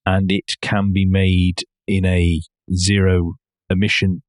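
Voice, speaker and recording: A man's voice: sits low, flat delivery, slow, dry recording. A man co-hosting a podcast, chatting about car news with dry, wry remarks. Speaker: podcast co-host.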